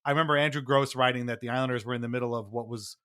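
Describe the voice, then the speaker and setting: A man's voice: medium pitch, fairly even intonation, very fast, a bit bright, smooth. A man hosting a hockey podcast, telling stories in a wry, casual way and laughing easily. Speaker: podcast host. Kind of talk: casual chat.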